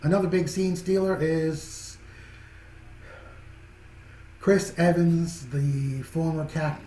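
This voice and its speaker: Rambling man with a mellow, echoey voice. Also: on the high side, level tone, slow pace. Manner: rambling, repeats and restarts phrases, chuckles often. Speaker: film reviewer. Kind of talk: casual spoken film review. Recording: echoey room with faint background noise.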